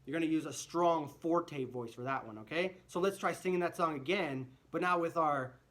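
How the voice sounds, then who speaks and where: A man's voice: on the high side, normal speed, fairly bright tone. A man teaching a children's music lesson, friendly and full of rhetorical questions, singing short phrases to demonstrate.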